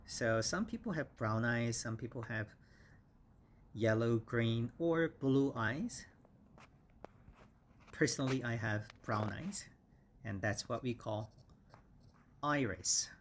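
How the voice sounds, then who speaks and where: A man teaching English vocabulary, speaking slowly and patiently and repeating each word several times; his first language is Korean. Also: medium pitch, a little hiss or hum. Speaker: English instructor. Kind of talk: slow vocabulary lesson with repeated words.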